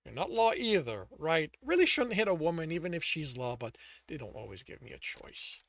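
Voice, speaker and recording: A cocky young mercenary who taunts his captors, read aloud by a man. The voice is gravelly and swings widely in pitch. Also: sing-song, normal speed, fairly bright tone, dry recording. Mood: weak, earnest. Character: brash battered young male mercenary.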